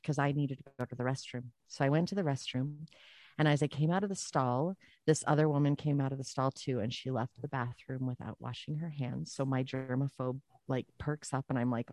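A woman guest telling a personal story in a casual podcast chat, animated and repeating phrases for emphasis. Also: extremely low pitch, fairly quick, no room sound.

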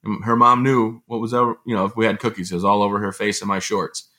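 A man telling stories as an interview guest, in an animated, rambling conversational way. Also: on the low side. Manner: fast, animated storytelling with rambling asides. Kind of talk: conversational storytelling.

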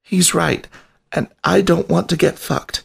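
A man's voice: a little high, steady tone, measured pace, creaky, slightly rough, voice pushed up, heavily acted. A man voicing a timid, trembling young male rat in a spoken story, with a meek, pleading way of talking.

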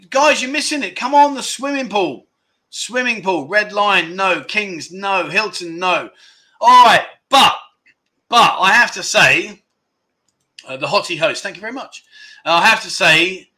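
A man hosting a livestream, reading viewer comments aloud and reacting with loud, jokey exclamations. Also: high-pitched. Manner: excitable, jokey, exclaiming loudly. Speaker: livestream host.

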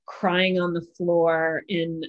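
A woman's voice: lowish voice, little pitch movement, slow pace. A woman hosting a casual podcast chat, candid and laughing through her stories. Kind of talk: casual conversation. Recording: dull lo-fi audio.

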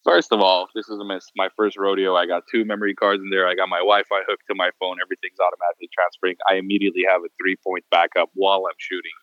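A man's voice: low voice, fast talker, hardly any pauses, dry recording, muffled recording. A man who works as a photographer tells stories in a casual podcast chat and acts out the people he quotes. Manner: animated storyteller, acts out quotes.

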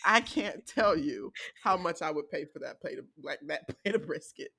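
A woman from the American South co-hosting a podcast in casual chat, telling animated stories and laughing often. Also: low voice, moderate pace, no echo, studio quality. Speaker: podcast co-host.

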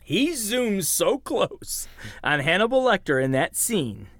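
A man in his forties hosts a casual film podcast. His fairly high voice swoops up and down as he retells scenes with mounting excitement. The sound is close and dry. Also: slow pace, dry recording. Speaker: podcast co-host.

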